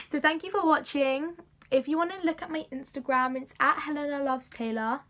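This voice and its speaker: A young woman excitedly telling a story to camera, gushing and full of fillers. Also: high voice, brisk. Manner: breathless, gushing, many fillers like "like". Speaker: vlogger.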